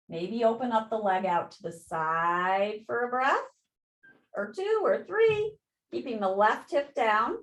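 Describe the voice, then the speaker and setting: A woman yoga instructor giving calm step-by-step cues and counting breaths through a guided class. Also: on the high side. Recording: echoey room.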